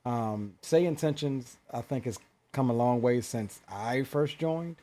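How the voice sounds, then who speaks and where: A man talking in casual podcast chat, measured and relaxed with frequent fillers. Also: medium pitch. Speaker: podcast guest.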